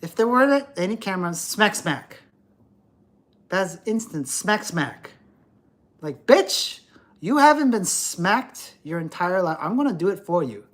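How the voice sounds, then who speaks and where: A middle-aged man rants on a livestream, lecturing and cursing as he goes. His voice swings widely up and down, with a lively, animated delivery. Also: sits high, a little slow. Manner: ranting, profane, lecturing. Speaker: livestream host. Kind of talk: livestream rant.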